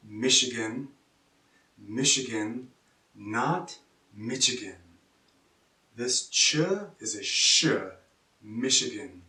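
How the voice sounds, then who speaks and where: A man from Kansas, teaching pronunciation in a slow lesson and repeating each word clearly. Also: medium pitch, fairly bright tone, a little hiss or hum. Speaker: English teacher. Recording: echoey room, distant mic.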